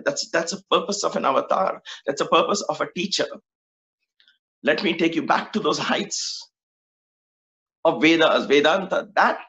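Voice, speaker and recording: A man's voice: fairly high pitch, normal speed, long pauses, fairly bright tone. A man telling a spiritual story in an earnest, musing way, repeating words for emphasis. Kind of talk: reflective storytelling talk. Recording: dull lo-fi recording.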